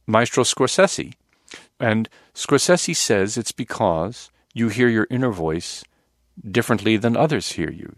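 A man's voice: on the low side, dry recording, studio quality. A man, a film director, telling stories in an interview in a rambling, self-mocking way with many restarts. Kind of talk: anecdotal interview talk.

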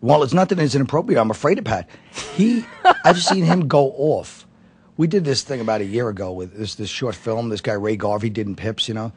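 A comedian from Brooklyn telling stories in a casual interview, rambling with many fillers. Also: male voice, medium pitch, lively intonation, fairly quick, a little mellow, husky. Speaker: comedian guest.

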